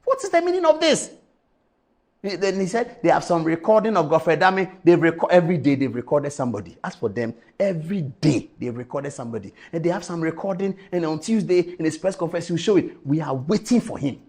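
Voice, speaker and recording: A man's voice: a little high, expressive, a little fast, a little mellow. A man from Ghana, hosting a TV show, giving an impassioned political commentary full of rhetorical questions and repeated words. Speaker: TV show host.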